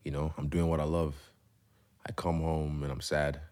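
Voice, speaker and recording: A man's voice: a bass voice, little pitch movement, normal speed, a little mellow, clear, resonant tone. A man, a professional fighter, speaking as an interview guest in a loose, rambling, candid way and swearing freely. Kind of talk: candid casual conversation.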